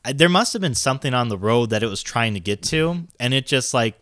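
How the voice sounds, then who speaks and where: A young adult man casually telling a story on a podcast, animated and swearing, with laughs breaking in. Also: medium pitch, a little fast, no room sound, clean studio sound.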